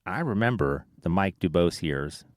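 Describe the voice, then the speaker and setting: A man hosts a casual podcast in a low voice. He talks in a measured, easygoing way and asks questions. The sound is dry and close to the mic. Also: lively intonation, no echo. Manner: measured, interviewer asking questions. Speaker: podcast host. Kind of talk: casual chat.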